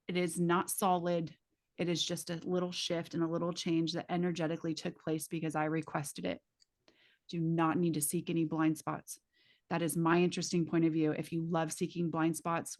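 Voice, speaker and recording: Woman facilitator, lowish voice, casual and emphatic, swears freely, talks straight to students, live class. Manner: vivid imagery, direct address to students.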